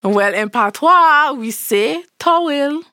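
A woman's voice: medium pitch, a little slow, fairly bright tone, no echo, clean studio sound. A woman from Saint Martin with a Saint Martin Caribbean accent, a guest explaining things in a casual interview, full of examples and restarts. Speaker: guest, platform founder.

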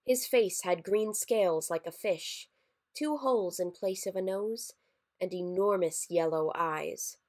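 A woman's voice: on the low side, measured pace, a little mellow. Somber woman reading a horror story. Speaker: story reader. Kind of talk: scripted horror story narration.

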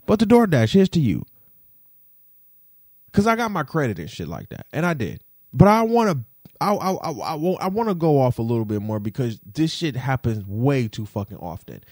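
A young man venting to the camera in a vlog, indignant and profane, repeating himself and swinging between low grumbles and sharp high outbursts. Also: no room sound, studio quality. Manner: indignant, profane, repetitive rant with big pitch swings.

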